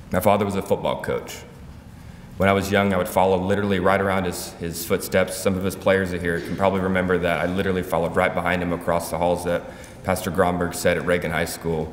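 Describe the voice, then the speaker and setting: A man speaking as a son at a funeral, giving a heartfelt, halting tribute. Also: low voice, slight background noise. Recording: echoey hall from far off, faint ambience.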